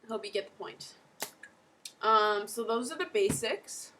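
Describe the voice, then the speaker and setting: A woman's voice: a little high, unhurried, pushed and bright, slight background noise, low-quality recording. Woman, casual webcam tutor, meandering delivery packed with fillers. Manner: rambling, lots of "like" and "um". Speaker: accent tutor.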